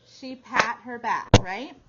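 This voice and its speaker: A woman teaching a small phonics group, stretching out each sound slowly and praising the children often. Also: on the high side. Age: adult. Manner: slow, drawn-out sounding out of words with encouraging praise. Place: classroom. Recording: dull lo-fi classroom recording with faint noise.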